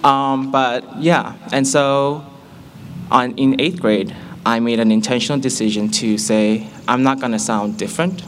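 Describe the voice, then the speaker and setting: A young adult from Malaysia, using an American accent, gives a candid, self-deprecating account of his life, turning animated as he quotes himself. His medium-pitched voice is unhurried, over slight background noise.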